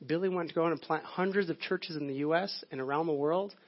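A man's voice: a little high, fairly quick. A male pastor giving a sermon in a conversational, storytelling way. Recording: dull lo-fi audio.

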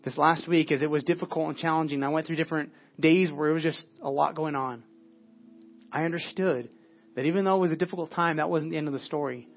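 An earnest male pastor with a fairly high voice preaches at a church service, often sinking into a hushed, prayerful tone. The audio is dull and lo-fi, with faint music underneath. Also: fairly even intonation, quick pace, creaky. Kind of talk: sermon.

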